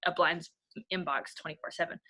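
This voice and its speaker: Gal, bright tone, blunt rambly pep talk to her team, says y'all a lot. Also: on the low side, fairly even intonation, a little fast. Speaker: team leader giving a training. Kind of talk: motivational live training talk.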